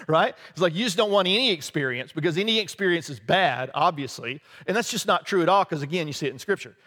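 High-voiced preacher in a reverberant hall. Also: male voice, animated, a little fast, fairly bright tone. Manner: conversational, laughing asides, frequent "right?". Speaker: pastor. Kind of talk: sermon.

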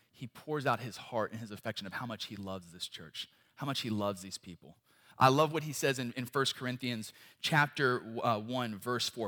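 A young man preaching a sermon as a guest speaker, swinging between loud, emphatic pleas and quiet, intimate lines. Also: mid-range voice.

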